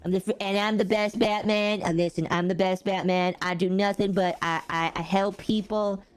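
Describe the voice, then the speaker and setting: A woman's voice: mid-range voice, fairly even intonation, moderate pace, smooth, faint music behind, natural voice. A woman putting on a boastful, repetitive impression of a male politician. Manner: bragging, repetitive, self-praising.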